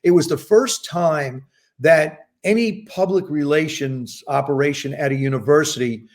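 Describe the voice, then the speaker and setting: At a normal pace and a somewhat high pitch, a seventy-something man from New Jersey recounts long stories as a podcast guest. The interview is casual, and he brings quoted people to life by acting out their voices with lively emphasis.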